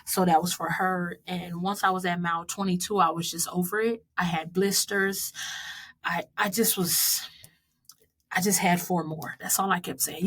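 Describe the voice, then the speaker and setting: Speaking at a moderate pace with a fairly low, flat delivery, this American woman in her thirties warmly and casually looks back on her marathon. She laughs a lot while dedicating every mile to the people she loves.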